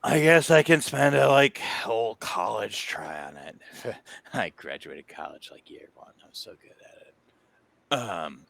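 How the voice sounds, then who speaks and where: A man's voice: fairly low pitch, unhurried, vocal fry, a bit bright. A man voicing a laid-back gamer vampire hacker who drawls and says "like" constantly. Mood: casual. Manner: slacker drawl full of filler "like".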